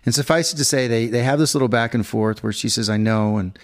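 A man's voice: mid-range voice, quick pace. A middle-aged man co-hosting a podcast, telling a long story in a rambling casual way and acting out the people in it. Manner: rambling storyteller, acts out quoted voices. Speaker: podcast co-host. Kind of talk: casual chat.

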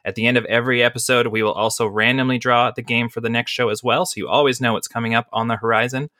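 A man's voice: medium pitch, fairly even intonation, fast talker, sharp tone, dry recording, studio quality. A man hosting a podcast, chatting casually and rambling with lots of fillers and laughs. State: has the hiccups. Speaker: podcast host. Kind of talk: casual chat.

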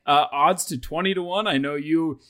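A man with a slightly high voice hosts a sports talk show. His delivery is loose, chatty and easygoing, full of asides as he walks through the betting odds. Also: moderate pace, sharp tone. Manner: chatty, loose, self-deprecating. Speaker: podcast host. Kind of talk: casual sports chat.

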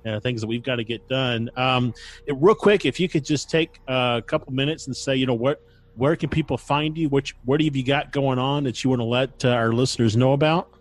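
Man, podcast host, halting and hesitant, mid-pitched voice. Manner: halting, hesitant, many restarts. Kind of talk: wrapping up an interview.

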